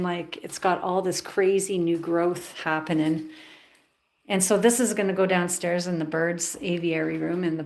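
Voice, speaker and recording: A woman chatting casually through a home vlog, slipping into high cooing baby talk with her pet birds. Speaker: pet bird keeper and vlogger. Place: indoors at home among plants and birds.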